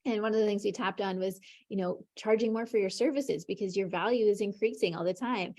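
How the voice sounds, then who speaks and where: A woman's voice: medium pitch, a little fast, darkish tone. A woman host and tapping coach on a video call, effusive and encouraging toward her guest. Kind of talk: warm encouraging interview.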